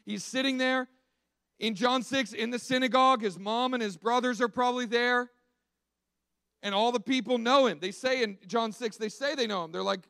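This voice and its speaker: A man preaching a sermon in an animated storytelling way, acting out the quotes he tells. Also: very high voice, normal speed, clean tone, no room sound.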